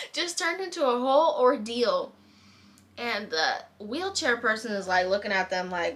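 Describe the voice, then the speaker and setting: A young woman telling a story at home into her camera, in a chatty, animated way. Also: on the high side, moderate pace. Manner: chatty, animated retelling with bursts of laughter. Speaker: vlogger. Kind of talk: casual storytime chat. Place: home room. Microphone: camera mic.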